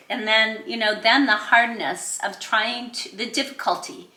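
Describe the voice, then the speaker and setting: An American woman hosts a podcast conversation, chatty and quick to affirm her guest. Her tone is bright and clear, bouncing around a roomy, echoing space. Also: on the high side, fairly even intonation. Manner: conversational, affirming with frequent mm-hmms. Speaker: podcast host. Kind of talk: casual interview chat. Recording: echoey room.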